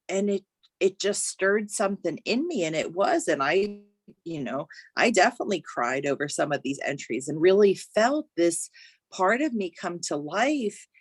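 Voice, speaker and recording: Woman workshop leader on a video call, lowish voice, dry close sound, soft and earnest. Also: no room sound. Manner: earnest, gently encouraging, many "you know" fillers. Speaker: creative writing workshop leader. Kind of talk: encouraging workshop talk.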